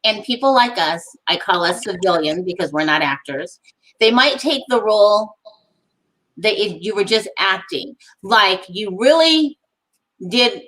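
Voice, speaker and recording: A woman's voice: medium pitch, bright, forceful tone, low-quality recording. A woman hosting an interview, asking loosely phrased, conversational questions with fillers. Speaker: interview host. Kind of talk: casual interview chat.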